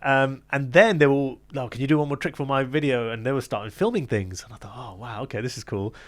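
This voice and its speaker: A man's voice: mid-range voice, quick pace. A man in his thirties from London, a magician, telling stories in a casual interview and acting out the quoted lines of other people. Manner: animated, acts out quoted dialogue, laughs often. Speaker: magician guest.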